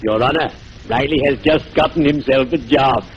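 A man playing a suave pompous undertaker, drawn-out delivery, muffled radio, hiss. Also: medium pitch, natural voice. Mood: smooth. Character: smooth, pompous, mournful male undertaker. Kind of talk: 1940s radio comedy acting.

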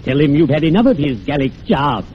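An actor playing a morbid undertaker friend who speaks slowly and makes grave puns, in 1940s radio comedy style. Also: male voice, a little high, big pitch swings. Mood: sepulchral. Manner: slow, sepulchral and punning. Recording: muffled old radio broadcast with faint hiss.

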